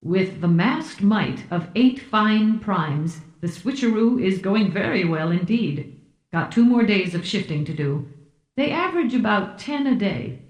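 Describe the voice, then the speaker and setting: A woman doing a relaxed, genial man at the head of a telepath network in an audiobook. He talks easily, and the recording has a roomy echo. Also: high voice. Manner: relaxed, chuckling. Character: genial senior male telepath leader.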